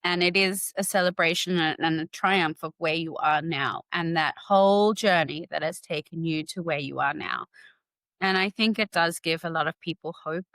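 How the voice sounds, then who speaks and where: Brief: woman host, low-ish pitch, calm supportive interviewer, dry sound. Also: moderate pace, dry recording. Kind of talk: interview conversation.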